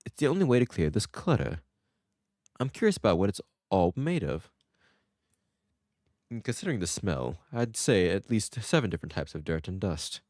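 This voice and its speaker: A man's voice: low voice, very animated, normal speed, pauses often, a little mellow, no echo. A man giving rambling, self-joking let's-play commentary into a close desk mic. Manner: rambling, joking, laughs at himself. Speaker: gameplay streamer.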